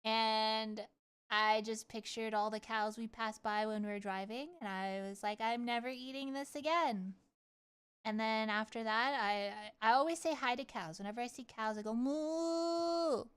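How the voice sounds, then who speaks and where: A woman rambles playfully through a live stream, dropping curses without a second thought. Her voice sits a little high and comes through smooth and crisp. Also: fairly even intonation, moderate pace, a bit bright. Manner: chatty, playful, swears freely. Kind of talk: casual livestream chat.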